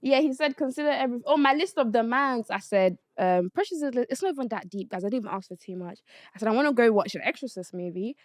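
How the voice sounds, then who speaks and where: Fast-talking young woman. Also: on the high side, no room sound. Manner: blunt, swears freely, animated storytelling. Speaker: podcast host. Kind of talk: casual chat, storytelling.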